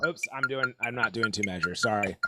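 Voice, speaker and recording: A man's voice: on the low side, a little fast, over loud music. A man leading a live-streamed group drum lesson over a video call. He is exclamatory, laughs often and counts the players in.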